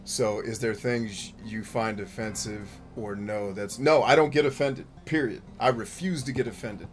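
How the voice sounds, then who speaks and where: A man hosting a gaming show, talking bluntly and profanely in casual commentary while he plays, with quick jokey asides. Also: lowish voice, faint music behind. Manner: laughs easily, jokey asides.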